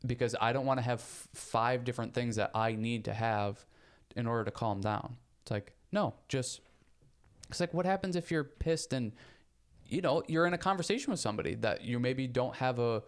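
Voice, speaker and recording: A young man co-hosting a podcast in casual chat, rambling and repeating words, getting animated when he makes a point. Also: mid-range voice, moderate pace. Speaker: podcast co-host.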